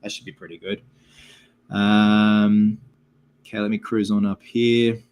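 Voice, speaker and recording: A man's voice: on the low side, little pitch movement, measured pace, a little mellow. A man hosting a casual live-stream Q&A, rambling and chatty with lots of filler words as he reads viewer comments aloud. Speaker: livestream host.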